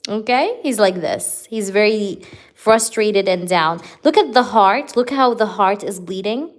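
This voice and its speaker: A young woman chats her way through a live tarot reading, talking straight to her viewers. She fills her speech with "like" and "you know" and speaks at an easy, mid-range pitch. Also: animated, measured pace. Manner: chatty, filler-heavy, talks straight to viewers. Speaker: tarot reader.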